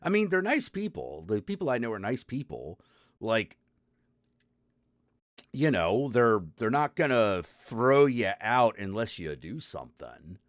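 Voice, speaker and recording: A man's voice: medium pitch, sing-song, a little slow, dry recording, studio quality. A man hosting his own stream, ranting casually and profanely to his chat, rambling and exasperated with lots of restarts. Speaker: stream host.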